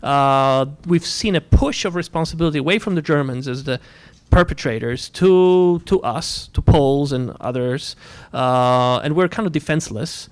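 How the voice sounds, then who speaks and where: A man from Poland, a diplomat guest, answering in a panel talk in a measured way with many fillers. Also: a little high, clear, resonant tone. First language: Polish.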